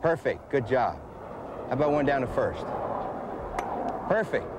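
A man's voice: mid-range voice, lively intonation, normal speed, background noise. A man coaching children through bunting drills outdoors, patient and repetitive as he demonstrates. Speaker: baseball coach. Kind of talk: outdoor bunting instruction to kids. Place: outdoor ball field.

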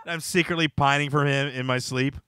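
A man's voice: medium pitch, fairly even intonation, brisk, fairly bright tone, smooth. A man hosting a casual comedy podcast, joking and laughing through banter. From United States. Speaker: podcast host.

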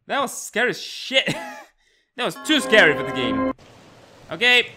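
A high, swooping male voice talks through a horror game, jumping from mumbled remarks to startled yelps and curses. Game music plays loudly behind him. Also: big pitch swings, moderate pace. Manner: jumpy, yelps and swears at scares. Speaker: gaming video creator. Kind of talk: horror game let's play commentary. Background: loud game music.

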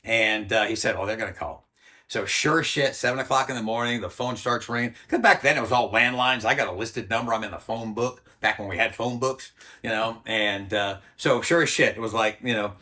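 A man's voice: fairly low pitch, brisk, sharp tone. A man in his sixties, a former soldier and interview guest, telling a story bluntly with plenty of swearing and acted-out quotes. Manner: blunt, profane storytelling that acts out quoted voices.

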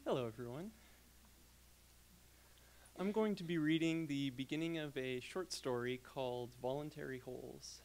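A young adult man reading his short story aloud at a graduate reading, delivered as a persuasive second-person sales pitch. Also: moderate pace, long pauses, a little mellow, poor audio.

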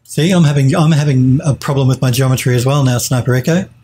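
A man's voice: medium pitch, fast talker, mellow, a little hiss or hum. A man streaming a live 3D modelling tutorial, thinking aloud as he works, hesitating and correcting himself while he answers chat.

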